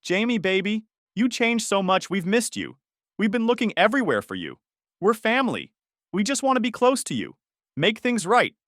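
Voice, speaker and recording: A man's voice: on the high side, expressive, moderate pace, fairly bright tone, dry recording, studio quality, voice pushed up. A man voicing a manipulative middle-aged mother who fake-cries and pleads in a gushing, sugary way. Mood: fake pleading. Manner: gushing, sugary, then sneering.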